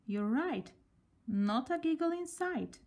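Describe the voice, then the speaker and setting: A woman voicing a fussy male doctor in a storybook reading, giving brisk instructions. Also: high voice, animated, darkish tone, voice pushed up, full character voice.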